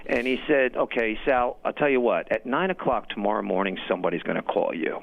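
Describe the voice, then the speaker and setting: A man's voice: mid-range voice, lively intonation, brisk, vocal fry. A middle-aged man from New Jersey, calling in to tell a long story, rambling and emotional, repeating words. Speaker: caller. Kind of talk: phone call story. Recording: tinny phone line.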